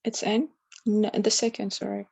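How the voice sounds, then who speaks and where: A woman learning English, reading aloud in class with hesitant, halting delivery. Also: mid-range voice, level tone, gravelly, darkish tone, slightly rough, no echo. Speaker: language student.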